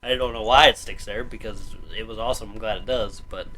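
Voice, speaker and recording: A man's voice: lowish voice, fairly even intonation, fairly quick, sharp tone, a little hiss or hum, low-quality recording. A man co-hosting a casual podcast chat, telling stories with lots of laughter and acted-out quotes. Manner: laughing storyteller, swearing, acts out scenes. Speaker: podcast co-host.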